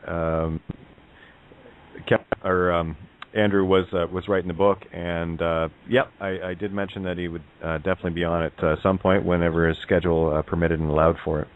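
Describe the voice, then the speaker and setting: A man hosting an online group call, talking casually and haltingly with many fillers and restarts. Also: deep voice, level tone. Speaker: host of an online call-in forum. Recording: tinny phone-like call audio.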